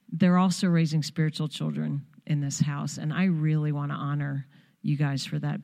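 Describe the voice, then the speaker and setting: A woman's voice: sits low, darkish tone, big-room sound. A middle-aged woman from Long Island giving a heartfelt, conversational sermon as a guest speaker in a church. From Long Island, New York. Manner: heartfelt, conversational preaching with asides. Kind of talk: sermon exhortation. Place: church sanctuary.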